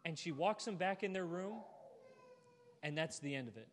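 A man preaching a sermon to a church congregation, earnest and heartfelt, ending in a gentle invitation. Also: a little high, animated, normal speed, a little hiss or hum. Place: church auditorium. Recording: long hall reverb.

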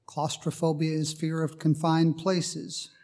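A man's voice: fairly high pitch, little pitch movement, unhurried, darkish tone. A man preaching a sermon, telling a story with a joke before reading from the Bible. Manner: storytelling with a joking aside, then Bible reading.

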